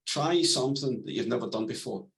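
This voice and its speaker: A man guesting on a podcast as an NLP coach, calm and plain-spoken, explaining ideas through simple stories. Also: mid-range voice, brisk, gravelly, poor audio. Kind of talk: podcast interview, explaining and storytelling.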